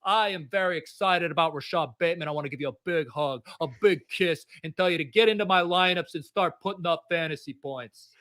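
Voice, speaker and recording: A man's voice: a little high, fairly quick, fairly bright tone, lightly acted. A man hamming up a swaggering Italian-American mob-style character on a comedy podcast bit. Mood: boastful. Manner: boastful, hammy, keeps saying okay.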